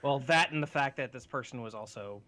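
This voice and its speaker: A man's voice: medium pitch, a little fast. Laid-back man running a tabletop game. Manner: relaxed, matter-of-fact rulings. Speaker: game master. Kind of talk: narrating a tabletop game over voice chat.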